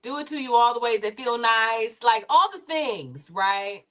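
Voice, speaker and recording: A woman's voice: on the high side, animated, unhurried, fairly bright tone. Rambling woman, former TV producer. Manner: rambling and conversational, with many fillers and restarts. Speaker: panelist, former reality TV producer. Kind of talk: casual panel discussion.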